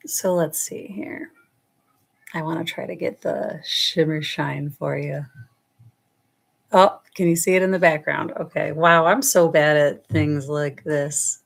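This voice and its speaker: Woman, New York accent, low-ish voice, chatty tarot reader on a livestream, affectionate and meandering. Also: fairly even intonation, slow, creaky, long pauses. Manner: affectionate, rambling, calls viewers loves and darling. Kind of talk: casual live-stream reading. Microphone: webcam or phone on a livestream.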